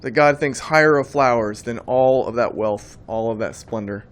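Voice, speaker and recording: A man's voice: medium pitch, normal speed. Guy preaching to camera, emphatic, kinda rambly, repeats himself, plain mid voice. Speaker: Christian speaker. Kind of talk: preaching monologue.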